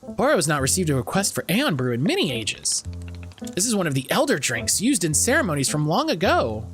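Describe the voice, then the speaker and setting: A man's voice: on the high side, wildly swooping pitch, brisk, fairly bright tone, soft background music. A man voicing a formal, fussy tea shop manager who speaks of himself in the third person.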